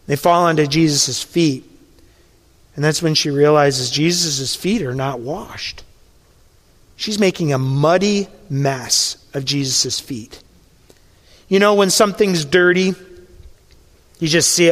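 A man preaching a sermon, retelling a scene as a story and dropping to a hushed voice at the emotional moments. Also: on the high side, measured pace, long reverb tail.

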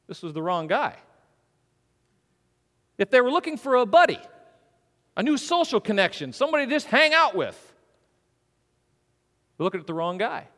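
A male pastor delivers a sermon in a high, expressive voice that rises and falls freely. He keeps asking the congregation questions and slips into quick acted-out quotes. The sound carries the long reverb of a church sanctuary. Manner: animated preaching with acted-out quotes and rhetorical questions.

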